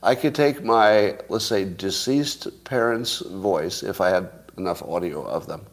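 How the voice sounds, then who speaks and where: Low-voiced man musing casually. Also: unhurried. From California. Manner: rambling, musing, joking. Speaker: host. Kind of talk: casual chat with listeners.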